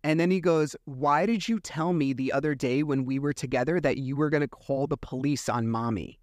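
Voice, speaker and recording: Podcast host, man, somewhat high voice, dry close sound, animated frustrated storyteller. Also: normal speed, no echo. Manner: animated storytelling, acts out dialogue; frustrated, venting. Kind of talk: casual monologue.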